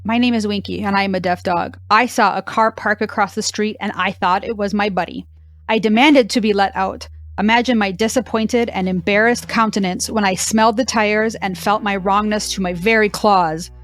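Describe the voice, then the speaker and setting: A woman's voice: mid-range voice, steady tone, moderate pace, a bit bright, dry recording, lightly acted. A woman reading as a sassy deaf dog. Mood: dramatic. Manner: dry, mock-dramatic diary reading. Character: sassy deaf female cow dog, dramatic.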